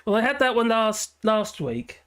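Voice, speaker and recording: A hoarse man hosting a live stream, chatting in a rambling, cheeky way and giggling often. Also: very high-pitched, very animated, slow, a bit bright. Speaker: livestream host. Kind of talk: casual live-stream chat. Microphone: headphones with a small speaker.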